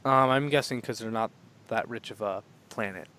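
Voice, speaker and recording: A man's voice: medium pitch, moderate pace, fairly bright tone, clear, resonant tone. A young man co-hosting a podcast, rambling in casual chat and laughing often. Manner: rambling, laughs often, acts out silly droid voices. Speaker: podcast co-host.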